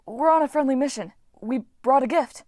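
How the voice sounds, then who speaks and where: A woman's voice: mid-range voice, steady tone, measured pace, a little mellow, no echo, studio quality, close to an everyday voice. A woman voicing a nervous teenage boy demigod who pleads and stammers politely in a storybook reading.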